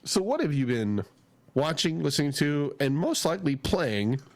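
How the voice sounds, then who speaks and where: A man's voice: fairly high pitch, sing-song, normal speed, dry recording. Enthusiastic, rambling man on a podcast. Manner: enthusiastic, rambling, with frequent restarts. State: has a head cold. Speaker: podcast co-host. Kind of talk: casual chat.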